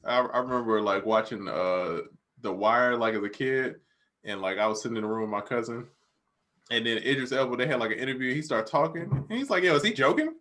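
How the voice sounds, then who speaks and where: A man's voice: mid-range voice, fairly quick, a bit bright. An American man co-hosting a podcast, bantering playfully and laughing often. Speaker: podcast co-host. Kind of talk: casual chat.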